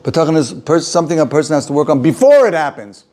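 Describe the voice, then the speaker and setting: A rabbi teaches an informal Torah class, often restarting and repeating phrases, chuckling and acting out quotes. His slightly high, slightly mellow voice is very animated, and he talks fast.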